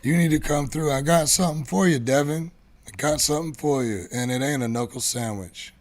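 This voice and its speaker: A man's voice: fairly high pitch, a little fast. Rambling casual male show host. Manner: rambling, loose, swears casually. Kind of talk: casual livestream chat.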